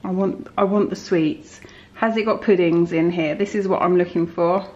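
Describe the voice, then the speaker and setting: A woman's voice: on the low side, steady tone, moderate pace, a little mellow, dull audio. A woman chatting casually in her home kitchen, filming a homely, rambling vlog. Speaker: vlogger. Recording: echoey kitchen, clear background noise.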